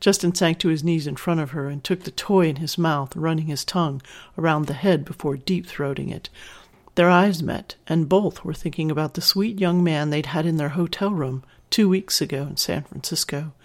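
Story narrator, measured steady reading, middle pitch.

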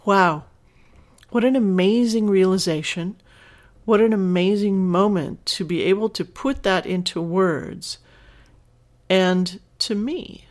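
A woman's voice: mid-range voice, darkish tone. A woman hosting a podcast, reading a listener's letter aloud and reacting in an earnest, emotional way, teary and laughing at times. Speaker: podcast host.

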